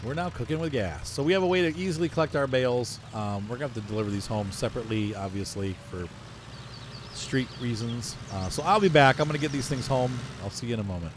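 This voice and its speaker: A man casually commentating his own farming game, chatty and self-mocking, often jumping into playful high exclamations. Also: fast, background noise. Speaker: gameplay commentator. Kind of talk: casual let's-play commentary.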